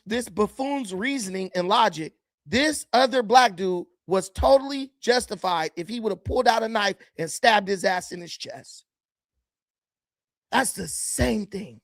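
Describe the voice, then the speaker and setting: High-voiced and recorded with no room sound, a man gives blunt, combative reactions to video clips, often making fun of the people in them. His loudness changes abruptly.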